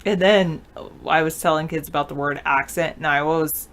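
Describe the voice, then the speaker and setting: A woman's voice: deep voice, fairly even intonation, normal speed, few pauses, a bit bright, a little hiss or hum. Chatty woman reading viewer chat. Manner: chatty, answers viewer questions aloud. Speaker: show co-host reading chat. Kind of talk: casual live-stream chat.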